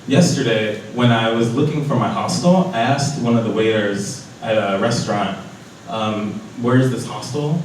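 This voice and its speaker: A young man reading his diary entries aloud to a live audience, lively, putting on voices for the people he quotes. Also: mid-range voice, a little hiss or hum. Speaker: storyteller at a live event. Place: large echoey hall. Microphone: distant from the microphone. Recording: echoey hall from far off.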